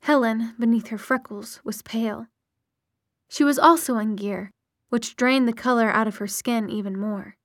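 A woman narrating a novel aloud in a steady, measured storytelling manner. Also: fairly high pitch, no echo, clean studio sound. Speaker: audiobook narrator. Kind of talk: audiobook narration.

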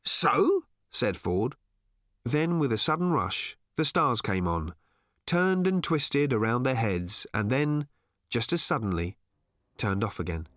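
A man narrating an audiobook in a dramatic, expressive storytelling manner. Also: medium pitch, unhurried, no echo, clean studio sound.

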